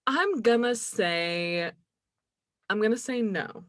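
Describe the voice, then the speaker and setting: A woman's voice: fairly high pitch, expressive, slow pace, no room sound. A young woman co-hosting a casual podcast, talking animatedly, laughing often and acting out quotes. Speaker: podcast co-host. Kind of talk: casual chat.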